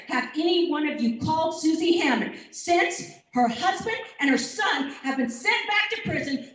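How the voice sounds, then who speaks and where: A woman's voice: high voice, a bit bright, dull audio, a little hiss or hum. A woman speaking at a community meeting, emphatic and repetitive, rising to indignation. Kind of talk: impassioned public comment. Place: large community meeting hall. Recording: echoey hall recorded from far off.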